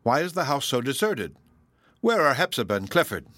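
A man voicing a gentle young woman in an audiobook, trembling and pleading with fear. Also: medium pitch, very animated, a little fast, dry recording, pitched above the performer's own voice. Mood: alarmed. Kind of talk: audiobook reading.

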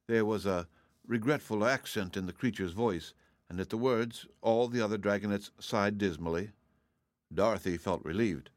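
A man with a low voice reads a storybook aloud at a steady, measured pace. The recording is dry and close, with no room sound. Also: no echo. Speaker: narrator. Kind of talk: audiobook reading.

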